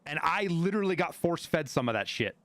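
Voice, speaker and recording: A man from Montana, a streamer telling stories in casual chat, animated and full of swearing. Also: a little high, fairly quick, dry recording. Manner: profane, animated storyteller.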